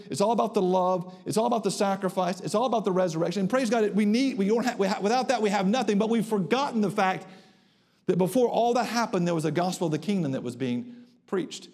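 A pastor preaches to his congregation in a slightly mellow voice, the long reverb of a church hall around him. He is emphatic, slowing down and rising in pitch to drive his points home.

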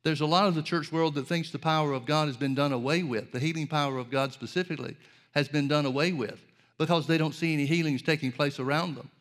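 A man's voice: a little high, fairly even intonation, fast, a bit bright. A man preaching a sermon, earnest and direct, asking rhetorical questions and addressing his listeners as folks.

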